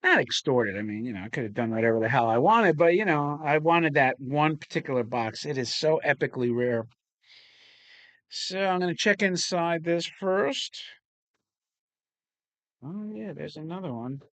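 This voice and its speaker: A man's voice: on the high side, lively intonation, normal speed, fairly bright tone, no echo. A man hosting a casual unboxing chat, rambling and swearing casually as he talks. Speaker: toy collector host.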